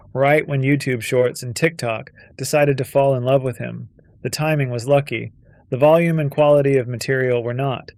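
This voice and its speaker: A man's voice: mid-range voice, no room sound. Wry male video-essay narrator, dry sound.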